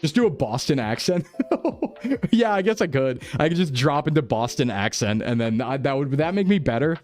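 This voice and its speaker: A young American man chatting casually with his stream viewers, excitable and loose, full of "like" and "bro". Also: mid-range voice, fairly quick, soft background music. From United States. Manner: animated, excitable, lots of "like" and "bro".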